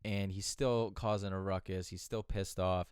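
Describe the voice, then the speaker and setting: Smooth low-voiced man telling a story. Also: fairly even intonation, normal speed, a little mellow, no echo, studio quality. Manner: candid, profane, rambling with restarts. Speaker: podcast host. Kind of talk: casual podcast storytelling.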